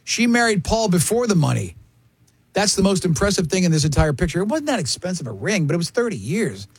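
A man's voice: sits high, big pitch swings, a little fast, husky, dry recording. A man in his fifties hosting a radio talk show, joking with co-hosts and reading listener comments aloud with frequent laughter. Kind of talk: casual studio banter.

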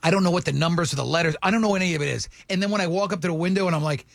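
A man hosting a morning radio show, telling a rambling, self-mocking story in a casual, animated way. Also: high voice, rapid-fire, creaky, dry recording, clean studio sound.

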